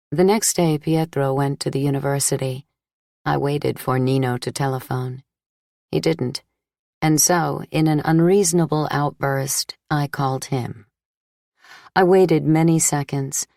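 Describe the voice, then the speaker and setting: Female audiobook narrator: low, unhurried, intense first-person reading, dry booth sound. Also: gravelly, darkish tone, dry recording.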